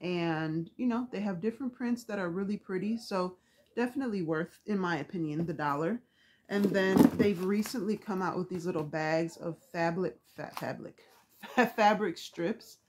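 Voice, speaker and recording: A woman's voice: on the low side, normal speed, background noise. A woman vlogger chatting casually about craft supplies, rambling with lots of fillers, with the hiccups.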